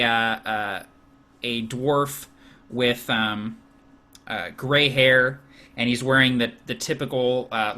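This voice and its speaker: A man narrating as game master of a tabletop game, describing scenes in a relaxed way with many fillers. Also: medium pitch.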